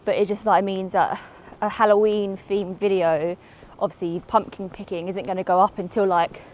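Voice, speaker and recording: A young woman chats to her camera as she walks through the city streets. She is slightly out of breath and rambles along with plenty of ums, her voice caught on a small clip-on mic. Her pitch sits in a middling range, with some faint street noise underneath. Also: little pitch movement, normal speed, darkish tone. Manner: chatty and rambling, with frequent ums. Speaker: vlogger. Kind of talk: casual walk-and-talk vlog. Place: outdoors on city streets and transit.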